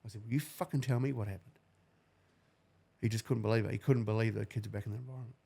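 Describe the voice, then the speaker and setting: Gravelly, blunt man in his forties. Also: lowish voice, steady tone, fast talker, warm tone. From New Zealand. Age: 40s. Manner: blunt, profane storytelling. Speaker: guest. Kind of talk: emotional personal account.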